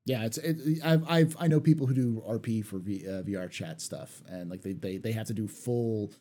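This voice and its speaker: A man's voice: lowish voice, moderate pace, mellow. A man hosting a podcast in casual chat, reading listener questions in a playful, theatrical way. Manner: playful and theatrical, demonstrates voices.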